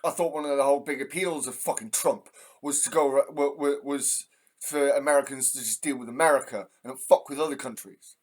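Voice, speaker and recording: A man's voice: medium pitch, brisk. An English man hosting a heated, profane ranting monologue. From England. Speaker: host.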